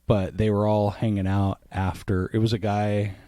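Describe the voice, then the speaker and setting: A man's voice: lowish voice, level tone, moderate pace, warm tone, no echo. A man hosting a podcast in casual chat, swearing freely and rambling through asides. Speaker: podcast host.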